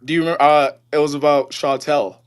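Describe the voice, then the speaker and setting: A man's voice: fairly high pitch, little pitch movement, clean tone. A man calling in to a live stream, earnestly telling a work story in casual conversation. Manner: earnest, recounting a story, pauses and restarts. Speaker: caller. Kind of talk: casual call-in chat.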